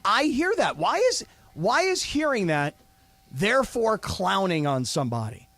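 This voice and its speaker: A man co-hosting a sports radio show, excitable and defensive, breaking into loud play calls, in a studio. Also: sits high, measured pace, no echo. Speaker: radio co-host. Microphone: studio mic.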